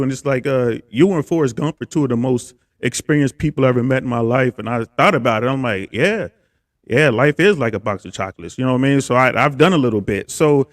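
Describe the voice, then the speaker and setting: A man in his fifties from Ohio, a guest comedian telling his story in a relaxed, rambling way. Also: mid-range voice, dry recording, studio quality. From Cincinnati, Ohio, USA. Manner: relaxed, rambling, with fillers and restarts. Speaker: guest, stand-up comedian and content creator. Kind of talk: casual interview storytelling.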